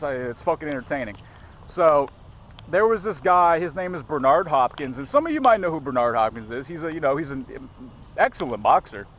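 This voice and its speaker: A man with a slightly higher-pitched voice talks straight into a camera on a city street. His vlog is profane and rambling, and he keeps wandering off topic. Faint traffic noise hums behind him. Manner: profane, rambling, digresses often. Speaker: vlogger.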